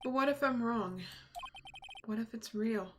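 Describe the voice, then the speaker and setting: A woman's voice: a little high, unhurried, a little hiss or hum, close to an everyday voice. Woman voicing Edgeworth, a troubled young prosecutor. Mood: haunted. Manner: grave, hesitant storytelling. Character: troubled young male prosecutor recounting a nightmare. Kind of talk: reading game dialogue aloud.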